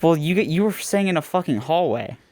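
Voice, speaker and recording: A man's voice: fairly high pitch, expressive, a little fast, darkish tone. A young man co-hosting a podcast, arguing insistently in a heated casual debate. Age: young adult. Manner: insistent, argumentative, restarts often. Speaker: podcast co-host.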